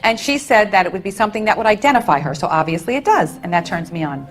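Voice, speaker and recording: A woman's voice: mid-range voice, animated, fast talker, soft background music, poor audio. Soothing woman medium addressing an audience. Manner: soothing, calls people honey and sweetheart. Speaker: psychic medium. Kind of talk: stage reading for an audience.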